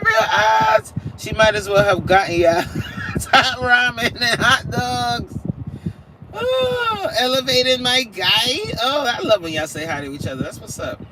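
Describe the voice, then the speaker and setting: A woman from New York hosting a live stream from her car, chatting casually in slangy talk and laughing often. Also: mid-range voice. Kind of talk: casual chat while driving. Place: inside a car in snowy weather. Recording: loud car road noise. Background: vehicle engine and road noise.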